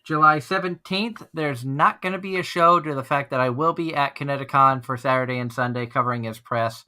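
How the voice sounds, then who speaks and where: A man's voice: mid-range voice, a little fast, sharp tone. A man hosting an online fan radio show, chatting casually and rambling with frequent restarts. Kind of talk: casual chat.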